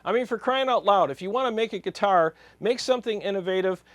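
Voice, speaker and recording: Brief: fired-up man with a higher voice ranting bluntly in a dry-sounding room. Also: quick pace, no room sound. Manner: blunt, heated, exasperated. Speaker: guitar channel host. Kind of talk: opinion rant to camera.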